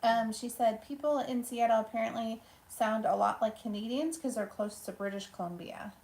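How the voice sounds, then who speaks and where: A woman co-hosting a live stream, reading viewer comments aloud in a soft-spoken, casual way. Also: on the high side, normal speed. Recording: echoey room.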